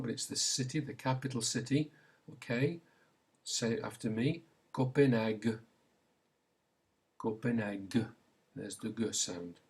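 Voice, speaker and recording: A man's voice: fairly low pitch, husky. A man teaching a pronunciation lesson, patiently modelling sounds and prompting learners to repeat after him. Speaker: language teacher. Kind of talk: slow instructional pronunciation lesson.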